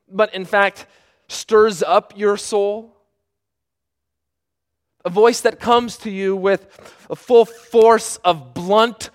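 A middle-aged man preaching a sermon, earnest, moving between hushed, drawn-out phrases and emphatic bursts. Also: high-pitched.

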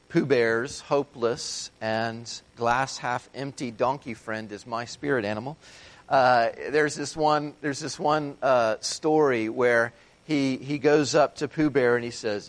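A man preaching a sermon as pastor, earnest, moving between hushed passages and emphatic ones. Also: medium pitch.

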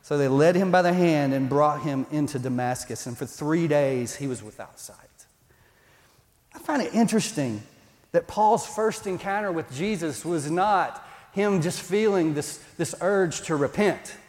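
A man's voice: fairly high pitch, expressive, measured pace, a little mellow. A male pastor, preaching a sermon in a conversational, emphatic way. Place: church. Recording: long reverb in a church hall.

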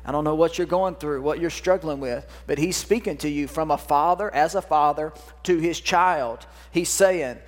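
A man's voice: fairly high pitch, normal speed, hardly any pauses. A pastor preaching a sermon to his congregation, folksy and repetitive, calling for responses from the crowd. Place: church sanctuary. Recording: long reverb of a church hall.

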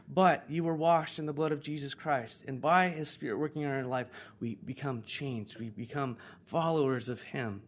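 A man with an American accent preaching a sermon as pastor, talking conversationally and swinging between loud emphasis and hushed, prayerful lines. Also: mid-range voice, moderate pace, few pauses.

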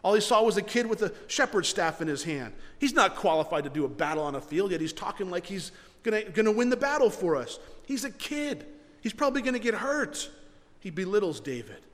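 A man preaching a sermon as pastor, animated and repeating his words as he presses a point. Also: sits high, brisk, in a large hall.

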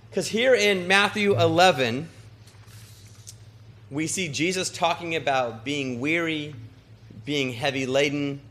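A man preaching a sermon in a church, earnest and emphatic, moving between quick asides and slow, deliberate stresses. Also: mid-range voice, bright, forceful tone.

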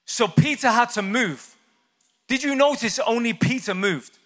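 A male preacher with a high, bright voice delivers a sermon, animatedly retelling a story and throwing questions to the crowd. His intonation is lively and his pace unhurried, with a long hall reverb trailing each phrase.

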